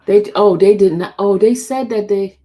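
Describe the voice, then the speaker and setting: A woman's voice: mid-range voice, normal speed. Woman livestream host, casual, talky, repeats herself for emphasis. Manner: chatty, addresses viewers as y'all; loud emphatic repetition.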